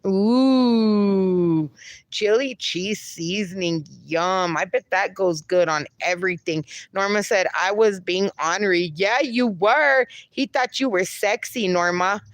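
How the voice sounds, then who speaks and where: Slow-talking woman streamer, dry sound. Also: mid-range voice, fairly bright tone, no room sound. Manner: laughs often, teasing, reads comments aloud. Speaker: livestream host reading chat. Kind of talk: casual live chat.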